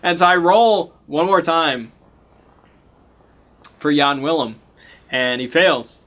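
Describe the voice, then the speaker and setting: A man's voice: a little high, slow, a bit bright. A man game master casually retelling a tabletop game session, laughing often and swearing casually.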